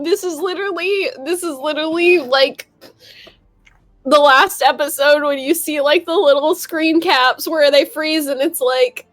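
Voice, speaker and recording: Woman player, very high voice, tearful, slow, casual table chat. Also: fairly even intonation, a bit bright, no echo, faint music behind. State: crying.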